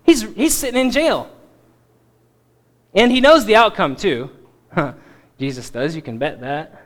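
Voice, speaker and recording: A man teaching a Bible passage in a sermon, stressing key words emphatically and dropping to quiet asides. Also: high voice, unhurried. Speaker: preacher.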